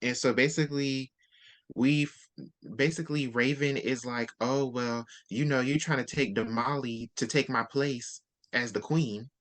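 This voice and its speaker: Host gabbing about a book plot, mid pitch, acts out the characters' lines. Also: a little slow. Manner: animated retelling, acting out characters' lines. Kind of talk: casual book discussion.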